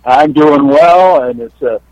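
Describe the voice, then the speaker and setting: A man calling in to a show to read a poem, speaking in a deliberate, courteous way. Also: a little high, a little mellow, dry recording. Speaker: caller reading a poem. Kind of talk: poetry reading and chat. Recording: dry phone line.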